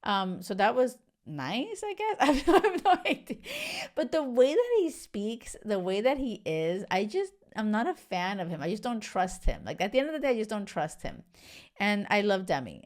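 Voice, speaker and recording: Blunt, animated woman hosting a podcast. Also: mid-range voice. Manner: animated, blunt and swearing, swinging between laughs and earnest. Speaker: podcast host. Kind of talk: casual reality TV recap chat.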